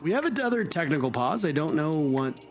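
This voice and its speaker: A man's voice: fairly high pitch, big pitch swings, fairly quick, faint music behind. A man casting an esports broadcast, chatting loosely and correcting himself as he goes. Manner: chatty, rambling, self-correcting. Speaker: esports caster. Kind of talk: casual broadcast banter.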